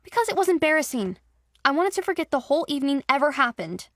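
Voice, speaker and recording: A woman's voice: fairly high pitch, normal speed, vocal fry, no echo, studio quality. A woman voicing a young female shapeshifter, frightened but defiant, in an audio drama. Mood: flustered.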